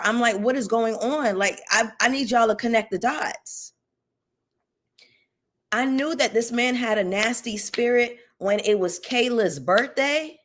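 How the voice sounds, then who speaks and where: A woman hosting a casual live stream, sassy and animated as she greets her viewers by name and rants about reality TV. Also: mid-range voice. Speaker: YouTube commentary host.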